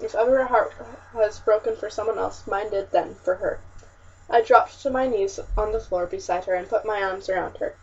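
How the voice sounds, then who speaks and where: A woman narrating a historical novel in the first person with a measured, expressive reading, on a muffled, slightly distant recording. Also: medium pitch, husky. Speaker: audiobook narrator.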